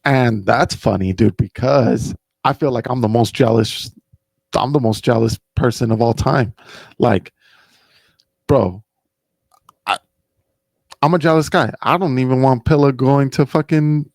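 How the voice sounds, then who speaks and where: A man's voice: mid-range voice, slow, gravelly, long pauses, a little mellow, no room sound. A young man hosting a podcast, rambling casually and profanely, saying "bro" and "dude" constantly. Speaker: podcast host.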